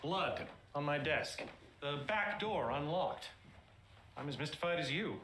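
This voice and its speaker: A man's voice: fairly high pitch, animated, a little slow, background noise. A formal, composed businessman. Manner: formal, composed, well-spoken. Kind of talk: period TV drama acting. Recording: roomy, with loud music.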